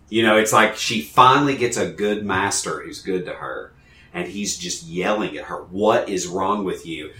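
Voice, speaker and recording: A man with a lowish, bright, forceful voice chats on a casual podcast. He is animated and laughs often as he retells scenes. The room around him is echoey. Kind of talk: casual chat about a TV show.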